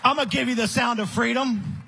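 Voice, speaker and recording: A man giving a fiery, combative political speech at a conference, often shouting and scornful. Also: very high-pitched, steady tone, a little fast, gravelly, some chatter behind, slight background noise. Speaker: conference speaker. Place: large conference hall.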